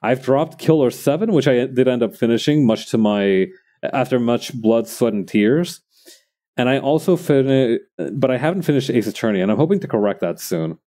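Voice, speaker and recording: A man's voice: mid-range voice, lively intonation, normal speed, warm tone. A man streaming while he crafts, chatting casually and thinking aloud to his viewers in a rambling way.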